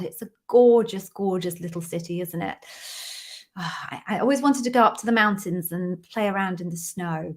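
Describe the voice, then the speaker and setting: A woman's voice: on the low side, a bit bright. A woman hosting a casual live-stream Q&A, chatty and playful as she greets viewers by name, talking into a computer microphone in a room at home. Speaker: host of live Q&A stream, former interview bar raiser.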